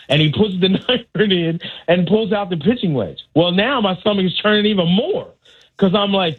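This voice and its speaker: A man who works as a golf caddy, a guest telling lively stories on a radio show and acting out the voices, heard over a tinny phone line. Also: on the high side, a little fast, husky. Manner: animated, acts out voices in his stories. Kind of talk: casual storytelling on a radio show.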